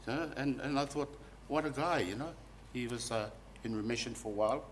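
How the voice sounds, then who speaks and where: A man's voice: medium pitch, a little fast, slight background noise. A man, a funeral celebrant, telling a folksy, rambling eulogy at a funeral service.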